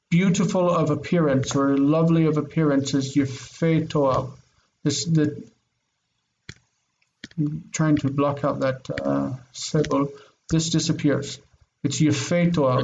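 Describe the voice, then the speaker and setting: A man teaching a Biblical Hebrew lesson, reading verses aloud and translating them, repeating key phrases slowly. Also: fairly high pitch, gravelly, a little mellow, lo-fi sound, slight background noise.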